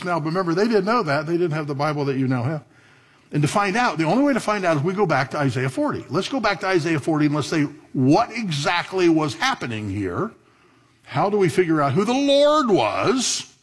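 A male pastor in mid-sermon with a slightly husky voice. He keeps asking the congregation questions, and his pitch swings widely between low, hushed explanations and sudden high, loud bursts.

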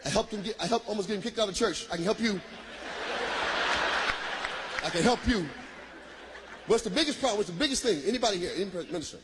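A man doing a stand-up routine, working the crowd loudly with shouts and laughter. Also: high voice, fast, pauses often. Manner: loud, animated, bursts of shouting and laughter. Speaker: stand-up comedian. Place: live comedy venue. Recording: live crowd and room noise.

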